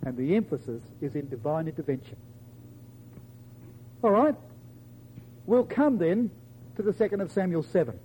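A man preaching a sermon to his congregation, emphatic, quoting scripture in old-fashioned wording and dropping softly at the ends of phrases. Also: expressive, normal speed, long pauses, a little hiss or hum, rough recording. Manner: emphatic, addresses listeners as brethren and sisters; drops to a soft low voice at the ends of phrases.

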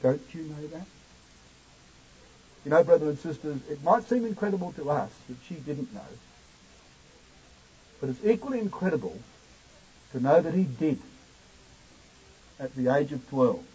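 A male preacher delivering a sermon, swinging from loud declaiming to near-hushed asides. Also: a little high, expressive, moderate pace, pauses often, breathy edge. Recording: dull lo-fi recording.

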